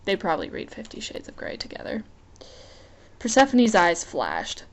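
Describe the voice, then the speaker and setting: A woman's voice: medium pitch, wildly swooping pitch, normal speed. A woman reads a romance novel aloud as a casual fan audiobook. She narrates plainly and breaks off now and then for chatty, joking asides. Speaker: reader.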